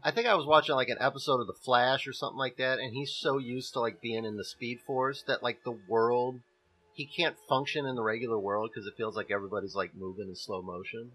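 A man's voice: mid-range voice, steady tone, brisk, pushed and bright, slightly rough, poor audio. A man from Missouri co-hosting a podcast, chatting casually and joking around with playful teasing. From Missouri, USA. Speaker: podcast co-host. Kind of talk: casual chat.

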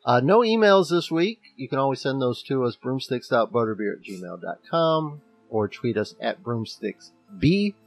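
Joking Midwestern podcast host. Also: male voice, medium pitch, lively intonation, normal speed, hardly any pauses, no echo, soft background music. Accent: American Midwestern. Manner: joking, laughs often, rambling. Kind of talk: casual podcast chat.

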